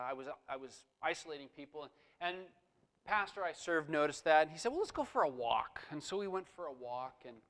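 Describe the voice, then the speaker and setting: A middle-aged male pastor preaching a sermon in a relaxed, storytelling way. His voice sits a little higher than most men's. Now and then it swells into emphatic bursts. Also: rough recording.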